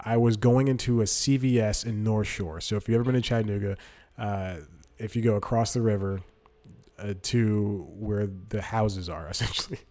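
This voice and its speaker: A young man hosts a podcast, rambling through casual stories on his own, often correcting himself and breaking into laughter mid-sentence. His voice sits lowish with a darkish tone.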